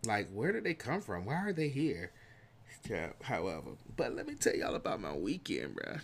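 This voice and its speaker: A man with a Southern US country accent reading a history passage aloud and then chatting casually about his weekend, lively and slangy. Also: sits low, slight background noise. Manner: animated, drawls and trails off, slangy asides. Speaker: vlogger. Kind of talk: casual vlog talk with a read-aloud segment.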